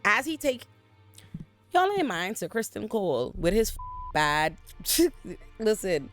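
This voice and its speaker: A vlogger rattles through an episode recap at home, straight into their own camera. The telling is animated, profane and full of slang, while faint music hums in the background. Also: mid-range voice, slow. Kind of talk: casual recap commentary. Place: bedroom at home.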